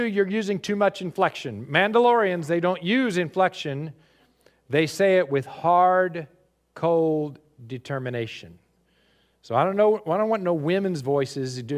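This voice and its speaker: Animated man preaching a sermon. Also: sits high. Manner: animated preaching, rising loud on key points. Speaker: pastor. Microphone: live stream.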